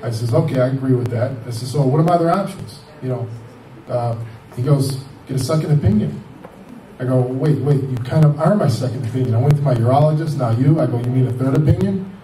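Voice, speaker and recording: Man in his 50s, rambling personal storyteller, mellow tone, distant mic in a roomy space. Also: mid-range voice, fast, a little hiss or hum. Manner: rambling, animated retelling with quoted dialogue. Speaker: cancer survivor telling his story. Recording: echoey room, voice from far off.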